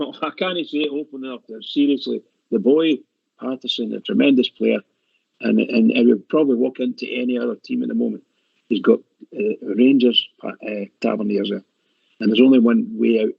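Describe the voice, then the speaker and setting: A man on a radio phone-in with a very gravelly, husky voice. He speaks emphatically, repeating phrases for weight. The line is dull and dry. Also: medium pitch, steady tone, moderate pace, dry recording. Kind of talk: casual phone-in chat.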